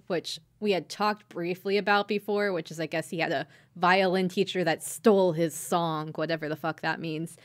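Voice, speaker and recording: A woman's voice: fairly low pitch, fairly even intonation, normal speed, hardly any pauses. A woman hosting a podcast, loosely recapping an anime episode, swearing freely and laughing between sentences. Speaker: podcast host. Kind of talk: casual anime recap chat.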